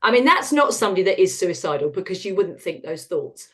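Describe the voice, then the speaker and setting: A woman, a podcast guest talking frankly about hard times, laughing at the dark parts. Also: on the low side, big pitch swings, fast talker. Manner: frank and self-deprecating, laughs at dark moments. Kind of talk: candid conversational storytelling.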